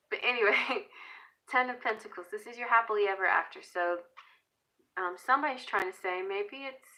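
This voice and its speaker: A woman's voice: medium pitch, bright, forceful tone. A woman hosting a live-stream tarot reading, chatty and playful with frequent giggles. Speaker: tarot reader.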